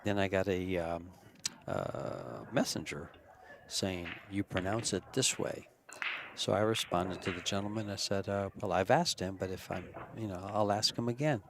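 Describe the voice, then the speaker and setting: Brief: easygoing male co-commentator, low-pitched, laughs often, faint room noise. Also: normal speed. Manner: relaxed, chuckling, storytelling. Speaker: pool commentator. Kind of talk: live sports commentary, chatty.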